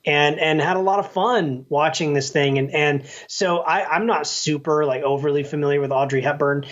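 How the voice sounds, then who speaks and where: A man co-hosting a movie podcast, agreeable and relaxed as he gives his take. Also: on the high side, moderate pace. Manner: agreeable, short backchannels, relaxed. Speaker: podcast co-host. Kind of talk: casual movie review chat. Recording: dull lo-fi sound.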